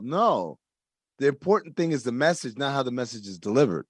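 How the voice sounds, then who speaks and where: A man's voice: mid-range voice, big pitch swings, a little fast, slightly rough, dry recording, clean studio sound. A man in casual conversation, explaining his views earnestly and making his point through comparisons. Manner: earnest, explanatory, uses analogies.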